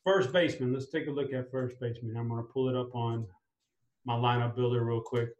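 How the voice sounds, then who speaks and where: A man hosting a casual fantasy sports chat, upbeat and talking his picks through out loud. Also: mid-range voice, steady tone, a little fast, roomy sound, poor audio. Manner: upbeat, talks through a lineup aloud. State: clearing a tickle in his throat. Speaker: fantasy sports show host.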